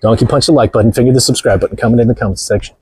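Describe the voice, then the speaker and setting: Man, livestream host, outdoors by the ocean, playful and mocking, raspy voice, dry close sound. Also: medium pitch, fairly even intonation, racing, darkish tone, no echo. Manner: mocking, playful, laughs often. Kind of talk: joking livestream chatter. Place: outdoors walking near the ocean.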